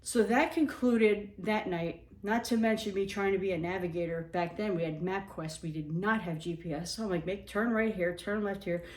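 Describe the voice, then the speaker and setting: Animated self-mocking woman storyteller. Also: mid-range voice, normal speed, few pauses, distant mic. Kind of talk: casual storytelling. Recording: echoey room.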